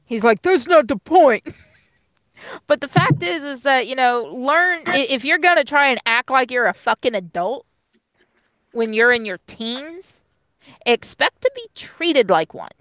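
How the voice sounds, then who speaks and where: A young woman tells a story in blunt, profane chat, acting out every line. Her voice sits a little high and comes across smooth and resonant. The sound is close and dry. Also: animated, measured pace, pushed and bright, no room sound, low-quality recording. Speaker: co-host.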